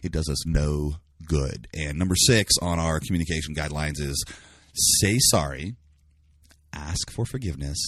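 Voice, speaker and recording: A man with a deep, husky voice talks earnestly in a casual interview. He rambles a little and searches for words. The sound is dry, with no room around it. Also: normal speed, fairly bright tone, no room sound. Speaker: guest. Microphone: live stream by phone.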